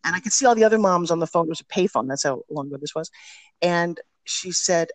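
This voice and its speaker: A middle-aged woman, a personal development teacher, telling stories in an energetic, emphatic way as a guest in a casual interview. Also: on the low side, fast talker, no room sound.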